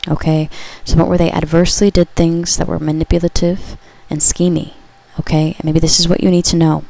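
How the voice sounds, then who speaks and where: A woman giving a pick-a-card tarot reading to her viewers. She talks conversationally, often checks in with a quick "okay?", and corrects herself as she goes. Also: low voice, little pitch movement, creaky, darkish tone. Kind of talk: pick-a-card collective reading, casual spoken.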